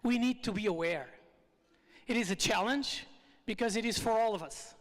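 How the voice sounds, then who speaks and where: A speaker telling a story at a live retreat evening, in lively, phrasing. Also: mid-range voice, normal speed. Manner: lively, non-native phrasing. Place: event hall. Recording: long reverb from a live hall.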